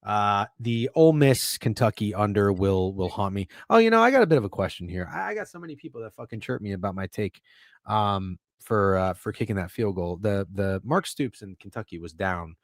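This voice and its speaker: A man's voice: lowish voice, lively intonation, brisk, no room sound, clean studio sound. A man co-hosting a sports betting podcast in a casual, rambling way, swearing and getting worked up when he defends his takes. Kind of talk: casual chat.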